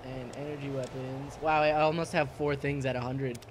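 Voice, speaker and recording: A young man giving goofy, rambling let's-play commentary, cracking jokes and sometimes breaking into squeaky outbursts. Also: flat delivery, normal speed. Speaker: gameplay commentator. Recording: noisy home recording.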